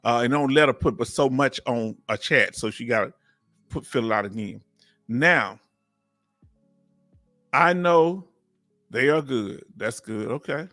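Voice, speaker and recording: A middle-aged man hosting a live chat, reading comments aloud and talking warmly and emotionally in casual vernacular. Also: mid-range voice, a little slow, pauses often, no echo, clean studio sound, soft background music. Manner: warm, emotional, talkative, Southern US vernacular. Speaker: livestream host.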